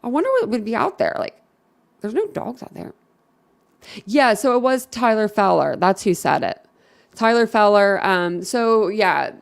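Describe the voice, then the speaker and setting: A woman's voice: mid-range voice, sing-song, measured pace, gravelly. A woman from Philadelphia chatting casually on a live stream, rambling and outspoken with her viewers. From Philadelphia, USA.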